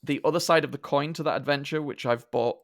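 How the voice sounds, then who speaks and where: A man's voice: on the high side, fast, dry recording. A man hosting a podcast, talking politely and a little hesitantly with many fillers as he wraps up the episode. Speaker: podcast host. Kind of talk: casual podcast sign-off.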